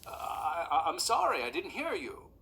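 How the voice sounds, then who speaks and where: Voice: medium pitch, huge pitch swings, moderate pace, vocal fry, a bit bright, voice pushed up, heavily acted. A reader doing a stammering, flustered man. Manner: stammering, hesitant. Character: nervous stammering man hiding a secret. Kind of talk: storybook read-aloud.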